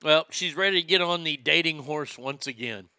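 A man hosting a comedy show, ranting loudly and profanely and mocking celebrities. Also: a little high, moderate pace, smooth, dry recording. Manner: loud, profane, mocking, laughs at own jokes. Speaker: comedy podcast host. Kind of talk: crude comedic rant.

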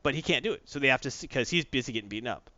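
A man's voice: mid-range voice, expressive, very fast, sharp tone, no echo, highs cut off. A man in casual chat, recapping a comic book plot with mocking put-on voices for the characters. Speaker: comic book podcast co-host.

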